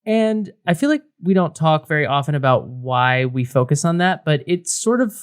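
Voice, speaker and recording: A man's voice: fairly high pitch, lively intonation, moderate pace, clear, resonant tone. A man co-hosting a beer podcast, talking casually with lots of fillers and restarts. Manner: rambling, many fillers and restarts. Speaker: podcast co-host. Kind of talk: casual beer review chat.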